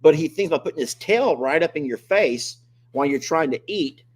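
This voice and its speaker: A man's voice: on the high side, lively intonation, fairly quick, husky. An older man, hosting a casual live-stream chat, joking and complaining animatedly. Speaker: host.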